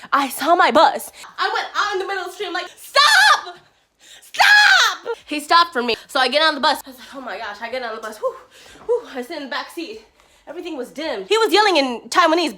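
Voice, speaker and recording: A woman vlogger telling a travel story in a casual, animated way, laughing often and acting out the people she quotes. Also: high voice.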